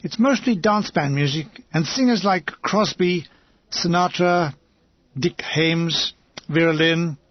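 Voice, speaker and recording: A man's voice: fairly high pitch, takes it slowly, no room sound, highs cut off. A man reading a comic war memoir aloud as an audiobook narrator, with a wry, dryly comic delivery.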